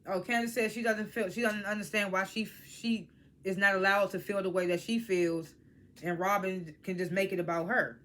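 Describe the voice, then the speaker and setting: In a casual spoken review of a reality TV episode, a vlogger with a mid-range voice keeps a moderate pace. Blunt and animated, they swear freely and mimic the cast by quoting their lines.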